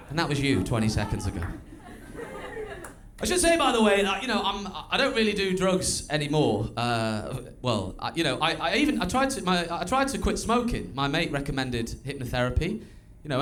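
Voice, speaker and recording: Onstage in a small club with music playing and an echo in the room, a young man works through a live stand-up set. He speaks into the mic in a chatty way, telling crude stories at his own expense. His voice leans high, and the background is noisy.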